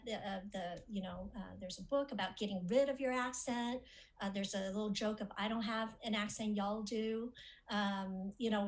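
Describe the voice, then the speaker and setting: A woman's voice: on the high side, low-quality recording. A middle-aged woman presenting an academic lecture in a webinar, explaining her points and checking in with her listeners as she goes. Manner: explanatory, checks in with "okay?" and "right?". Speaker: speech-language pathology presenter.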